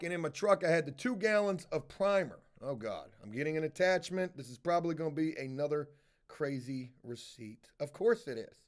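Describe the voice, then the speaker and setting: A middle-aged man telling a rambling, profanity-laced story to his livestream viewers, stopping often to answer their comments. His voice sits high for a man. His delivery is loose and conversational. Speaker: house-flipping livestreamer. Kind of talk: casual livestream chat.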